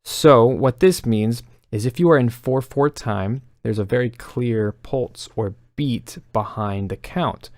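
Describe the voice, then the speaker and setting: A man explaining melody writing techniques in a calm, instructional way, counting beats aloud. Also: mid-range voice, slow pace, few pauses, no room sound, clean studio sound. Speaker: music composition teacher.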